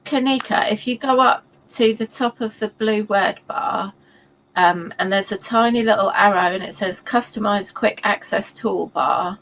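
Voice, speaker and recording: A woman's voice: medium pitch, measured pace, a bit bright, slight background noise, low-quality recording. A woman co-hosting a writing livestream, rambling and explaining step by step with many ums. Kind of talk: casual livestream chat.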